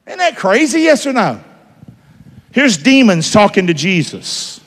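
A man preaching a sermon in a church, folksy, quizzing the congregation and swinging between loud and hushed. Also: high-pitched. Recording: reverberant church hall.

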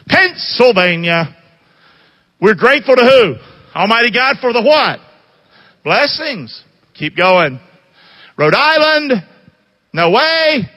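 A man's voice: sits high, lively intonation, measured pace, long pauses, bright, forceful tone, big-room sound. A man preaching a sermon, reading aloud and firing call-and-response questions at his listeners with emphatic energy.

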